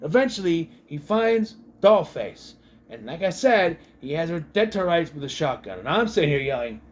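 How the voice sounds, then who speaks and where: A man's voice: fairly high pitch, sing-song, a little fast. A man giving a casual, exasperated movie review, swearing freely and acting out lines from the film.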